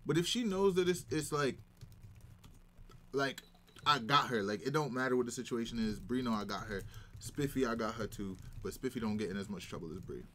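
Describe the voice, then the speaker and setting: A man chatting casually as a guest, telling stories in an animated, emphatic way. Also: mid-range voice, fairly quick, slight background noise. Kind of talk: casual chat.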